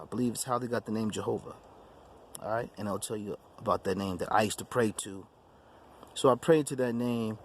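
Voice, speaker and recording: Guy with a lowish voice telling his own story, keeps repeating lines, bit of faint hiss behind. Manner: repetitive, emphatic, restarts phrases. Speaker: YouTube channel host. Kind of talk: personal testimony storytelling.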